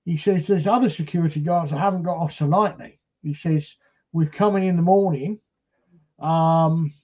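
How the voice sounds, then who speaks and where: A man's voice: on the high side, dark tone, lo-fi sound. A man, a paranormal investigator retelling a story casually with lots of "he says" and quoted speech.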